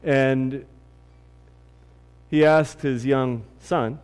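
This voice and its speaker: A man preaches in a large hall, and a long reverb trails each of his words. His voice sits a little high for a man. He climbs higher and louder whenever he drives a point home. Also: unhurried. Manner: animated preaching, voice rising high and loud at peaks. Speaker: pastor. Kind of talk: sermon.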